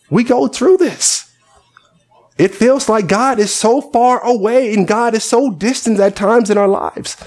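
A man's voice: high-pitched, a little mellow. A male pastor preaching a sermon with passion, often speaking the psalmist's prayers aloud as if they were his own.

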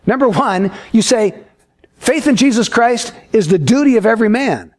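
A man preaching a sermon, an expressive storyteller who acts out the voices he quotes. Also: high voice, a little fast. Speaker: pastor.

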